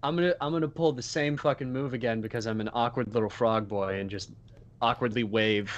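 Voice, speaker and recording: A man's voice: mid-range voice, a little fast, dull audio. A man playing a tabletop game, laid-back and casual, swearing now and then. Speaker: player.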